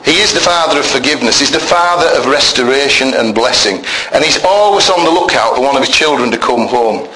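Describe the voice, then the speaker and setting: A man's voice: mid-range voice, lively intonation, a little fast, hardly any pauses, pushed and bright, a little hiss or hum. A man preaching a sermon in a church, emphatic and conversational, often asking the congregation questions. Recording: echoey church room with faint ambience.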